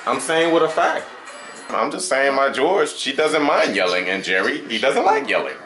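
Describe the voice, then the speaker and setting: A man talking casually at home with a lively, swinging delivery. His voice rings in a roomy living room with the TV blaring behind him. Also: mid-range voice, normal speed, over music. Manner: argues back lightly, talks to the baby and at the TV. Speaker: father and family vlogger. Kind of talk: casual family chat at home. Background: TV with football game playing.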